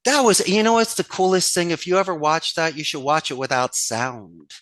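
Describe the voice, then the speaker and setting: A man from Philadelphia talks as an interview guest in a fairly high voice that swings widely up and down. His tone is bright and punchy, and he acts out calls with emphatic energy. The recording is close and dry. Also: animated, normal speed, dry recording. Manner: emphatic, acts out phone calls and his own quoted lines; laughs often while telling stories. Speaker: guest, call center business owner. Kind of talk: animated interview talk.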